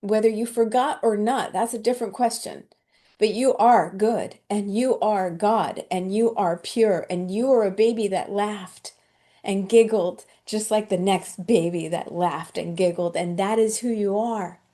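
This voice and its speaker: A woman's voice: mid-range voice, steady tone, measured pace, warm tone. A woman host telling a heartfelt personal story in an emotional, tearful way, often laughing as she talks.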